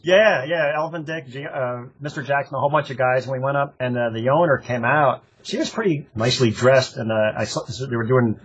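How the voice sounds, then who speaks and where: With a mid-range, slightly rough voice, the older man talks a little fast and barely pauses, captured in lo-fi sound. He is an interview guest from the running club, casually recounting rambling, profanity-laced stories from his days there and laughing often.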